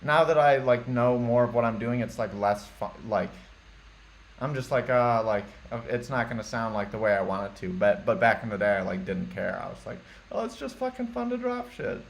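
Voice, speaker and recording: A man's voice: fairly low pitch, steady tone, brisk. A young man hosting a podcast, talking in a laid-back, casual way, swearing freely and saying 'like' a lot. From United States. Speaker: podcast host. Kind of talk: casual chat. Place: living in Thailand.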